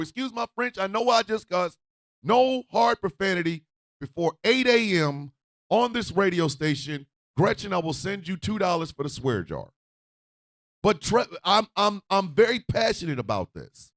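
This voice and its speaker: A man hosting a radio show, ranting in a profane, fiery way and often shouting. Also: high-pitched, lively intonation, unhurried, dry recording, studio quality.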